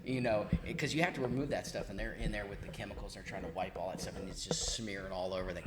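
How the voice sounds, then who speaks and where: A man's voice: fairly low pitch, steady tone, fast, a loud crowd. A man co-hosting a podcast, telling a work story in casual chat with lots of "right?" checks. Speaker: podcast co-host.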